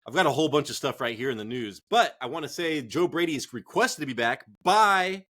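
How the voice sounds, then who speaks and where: Excitable, animated man chatting. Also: on the high side, fairly quick. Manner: profane, excitable, rambling. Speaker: fantasy football podcast co-host. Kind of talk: casual chat.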